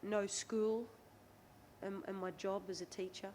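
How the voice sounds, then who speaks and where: A woman's voice: medium pitch, a little slow, slight background noise. An Australian woman in her thirties, a rugby league player, telling candid stories as a podcast guest, often quoting what others said. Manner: candid, chatty, lively retelling with quoted dialogue. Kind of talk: podcast interview storytelling.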